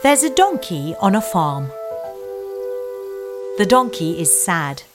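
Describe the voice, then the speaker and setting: Slow, clear woman reading a children's story. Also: lowish voice, sing-song. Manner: slow, clear, simple phrasing. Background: music.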